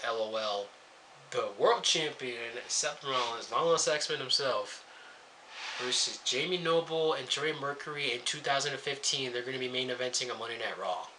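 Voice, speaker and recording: A man's voice: medium pitch, sharp tone, slight background noise. A young man reviewing a wrestling show in a casual rant, sarcastic and swearing freely as he jumps between topics.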